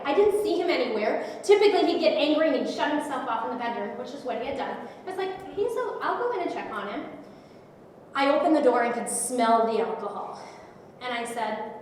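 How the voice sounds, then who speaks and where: A woman's voice: on the high side, lively intonation, brisk, slight background noise. Woman telling a story in an echoey hall. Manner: emotional, vivid storytelling with quoted dialogue. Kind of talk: personal testimony. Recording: echoey hall, speaker far from mic.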